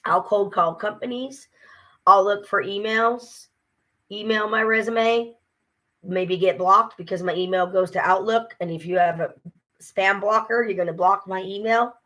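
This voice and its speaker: A woman's voice: medium pitch, pushed and bright. A tired woman ranting casually to camera, frustrated and swearing as she vents. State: exhausted. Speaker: vlogger. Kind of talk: casual vlog rant.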